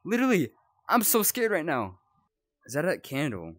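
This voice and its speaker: A young man talks his way through a spooky game, his pitch leaping all over between nervous mutters and startled yelps. His voice sits a bit high for a man. The sound is dry and close. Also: wildly swooping pitch, moderate pace, a bit bright, dry recording. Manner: jumpy, yelps and rambles while scared. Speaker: gaming YouTuber. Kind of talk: horror game playthrough commentary.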